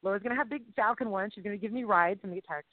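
Excitable woman on a tinny line. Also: medium pitch, racing, dry recording. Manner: excitable, gushing, jokey. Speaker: radio show co-host. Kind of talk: casual chat. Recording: tinny phone-line sound.

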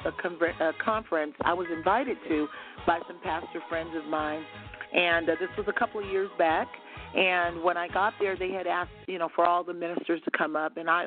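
A woman's voice: fairly low pitch, fairly even intonation, fairly quick, soft background music. Radio guest minister, woman, earnest storyteller, heard over a phone line. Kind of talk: testimony on a call-in radio show. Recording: tinny phone line, dry.

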